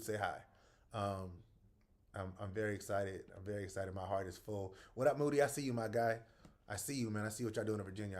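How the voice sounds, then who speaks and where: A middle-aged man from the American South, hosting a casual livestream. He greets viewers one by one by name with upbeat energy, then drops to a soft, earnest tone. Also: on the low side. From North Charleston, South Carolina. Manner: soft and earnest when speaking from the heart. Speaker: livestream host.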